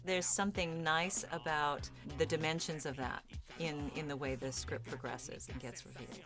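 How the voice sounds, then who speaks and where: An actress describes her character in an interview. Her voice is notably low, with music clearly underneath. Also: steady tone, moderate pace. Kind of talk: interview talk.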